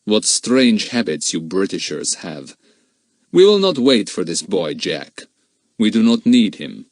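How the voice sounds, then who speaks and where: A man voicing a polite, commanding foreign man who leads a band of kidnappers, speaking slowly and with measured courtesy. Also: lowish voice, sing-song, dry recording, clean studio sound, full character voice. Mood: coldly polite. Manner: slow, measured, coldly courteous.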